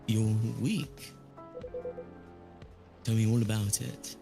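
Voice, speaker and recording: A man's voice: lowish voice, fairly even intonation, takes it slowly, vocal fry, music in the background. A man voicing a suave, teasing vampire character, reading game dialogue aloud on a stream. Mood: coaxing.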